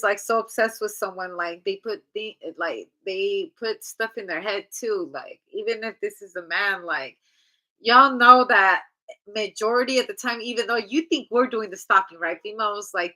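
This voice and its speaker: Blunt, chatty woman with a bright edge. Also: medium pitch, moderate pace, poor audio. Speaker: tarot reader. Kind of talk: casual tarot reading vlog.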